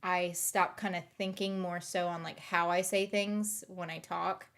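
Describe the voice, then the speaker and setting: A woman's voice: on the low side, little pitch movement, unhurried, fairly bright tone. A woman with a light Southern US accent, chatting casually to camera in a rambling way and often restarting her sentences. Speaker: YouTube host. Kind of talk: casual chat.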